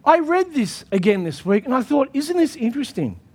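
A man with a strikingly high voice preaches a sermon from the pulpit. His delivery is emphatic, and he leans on repeated phrases to drive each point home. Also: sing-song, brisk, breathy edge. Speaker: pastor.

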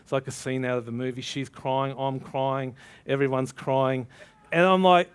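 A man preaching a sermon, telling a story with animated energy and acting out both sides of the dialogue. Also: medium pitch, normal speed, clean tone.

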